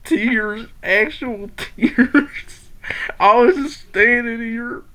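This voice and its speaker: A woman's voice: fairly high pitch, drawn-out words, fairly bright tone. A young woman reading a funny story aloud, amused and breaking into laughter as she reads.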